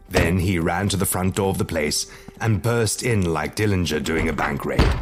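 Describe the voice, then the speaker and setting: A man reads a scripted horror story in a low, deep voice, measured and dramatic. Music plays clearly beneath his narration.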